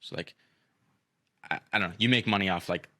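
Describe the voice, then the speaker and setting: Young male podcast host, deep bright voice, rambling profane storyteller. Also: a little fast, no echo, clean studio sound. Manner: profane, rambling with many fillers. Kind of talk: casual storytelling chat.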